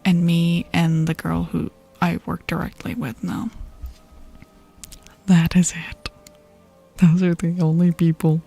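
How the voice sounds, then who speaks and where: A young woman streamer in a soft whispered role-play style, gossiping with her chat and laughing often, with faint music behind. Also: fairly low pitch, monotone, slow pace, vocal fry, pauses often. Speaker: ASMR streamer.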